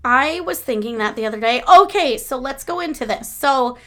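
A young adult woman co-hosting a casual podcast chat, rambling with lots of fillers, dropping quiet and then getting loud. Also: a little high, lively intonation, moderate pace. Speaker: podcast co-host.

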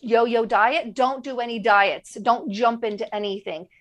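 A woman's voice: fairly high pitch, measured pace, lo-fi sound. Woman, nutrition coach, podcast interview, enthusiastic, emphatic, repetitive phrasing.

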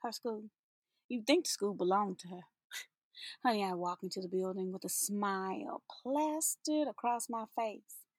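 A woman's voice: mid-range voice, unhurried, dry recording, clean studio sound. A woman teacher giving an inspirational spoken-word monologue, sassy and playful, laughing often and drawing out her words for emphasis.

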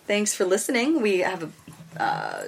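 A woman's voice: medium pitch, moderate pace, gravelly, a little hiss or hum. A woman from the United States co-hosting a casual podcast, chatty and laughing as she tells stories. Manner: chatty, laughing, animated storytelling. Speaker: podcast co-host. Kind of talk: casual chat.

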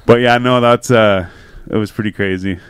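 A man's voice: fairly low pitch, steady tone, moderate pace, crowd noise. A man in casual chat, rambling and swearing, often acting out what people said. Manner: rambling, profane, acts out quotes.

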